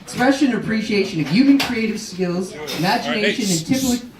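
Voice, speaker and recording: A man's voice: high-pitched, animated, quick pace, crowd noise. A man giving a casual, jokey speech at an art show, swearing and laughing as he talks. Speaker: event organizer giving a speech. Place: art show in a restaurant lounge. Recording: roomy sound from a distant camera.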